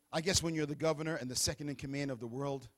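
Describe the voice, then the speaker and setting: A man preaching a sermon who tells the scripture story in an animated, playful way. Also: on the high side.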